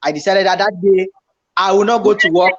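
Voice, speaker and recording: A man tells a story in relaxed chat. He acts out his own past panic, repeating himself in excited bursts. The recording is slightly dull and lo-fi. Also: high voice, a little fast. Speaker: YouTuber co-host.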